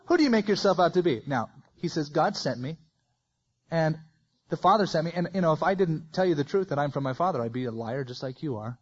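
A man's voice: fairly high pitch, lively intonation, brisk, slightly rough, dull audio. A man preaching a verse-by-verse sermon, reading scripture aloud with folksy asides.

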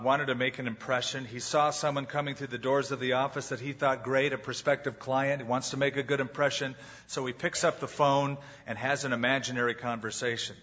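A man's voice: medium pitch, a bit bright. A man preaching a sermon as pastor, dramatic and acting out the people he quotes. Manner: dramatic, acts out quoted voices. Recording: muffled hall recording with long reverb.

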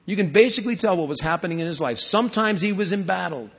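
A man's voice: high voice, animated, fast, vocal fry, a bit bright, slightly rough. A man preaching a sermon, telling stories and rising to emphatic questions. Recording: hall reverb, dull lo-fi sound.

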